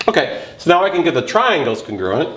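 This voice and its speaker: A man's voice: fairly high pitch, big pitch swings, fairly bright tone. A man teaching a geometry lesson, thinking aloud as he works through a proof step by step. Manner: slow, thinking aloud while working a proof. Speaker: math teacher. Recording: roomy recording with faint noise.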